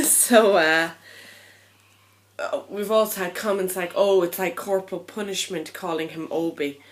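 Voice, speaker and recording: A young woman chatting casually to camera in a vlog, tired and a little out of breath, rambling and frank with lots of ums. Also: mid-range voice. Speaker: vlogger.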